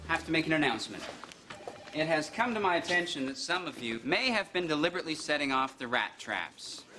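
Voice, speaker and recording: A dryly sarcastic young boss. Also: male voice, fairly high pitch, big pitch swings, brisk. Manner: polite, dry sarcasm. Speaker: office boss. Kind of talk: sitcom acting. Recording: noisy TV episode with clicks.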